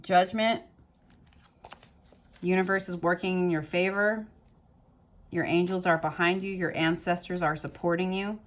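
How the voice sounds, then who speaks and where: A woman with a fairly low voice gives a tarot reading straight to camera. She talks with passion and emphasis. She stacks rhetorical questions and repeated lines into a rising, motivational flow. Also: fairly even intonation, measured pace, pauses often. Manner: repetitive motivational phrasing. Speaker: tarot reader.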